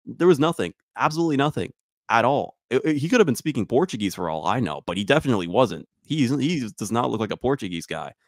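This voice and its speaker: A young man co-hosting a comedy podcast tells a story in a laid-back way, correcting himself as he goes. His medium-pitched voice swings widely in pitch at a quick pace. The recording is studio quality with no echo.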